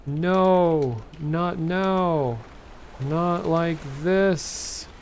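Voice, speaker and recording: A man voicing a desperate witch woman who pleads and shouts at a monster in a read-aloud story. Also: fairly high pitch, drawn-out words, a little hiss or hum, pitched above the performer's own voice.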